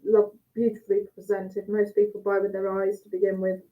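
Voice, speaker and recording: Over a tinny, phone-like video call, a woman judges cheese, chatting and thinking aloud as she tastes and cuts. Her medium-pitched voice is completely flat and fairly quick.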